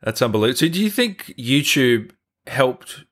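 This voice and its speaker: A man's voice: mid-range voice, sing-song, normal speed. A man hosting a casual interview, asking questions and adding short encouraging responses. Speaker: interview host.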